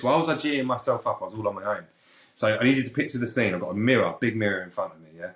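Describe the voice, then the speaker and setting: A British man, a podcast guest, telling a frank anecdote in a casual, animated way. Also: on the low side, quick pace, reverberant. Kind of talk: casual storytelling.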